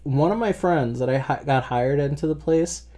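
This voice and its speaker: A man's voice: on the high side, normal speed, mellow. A young man co-hosting a podcast, chatting casually and profanely, saying "dude" a lot. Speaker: podcast co-host. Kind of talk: casual chat.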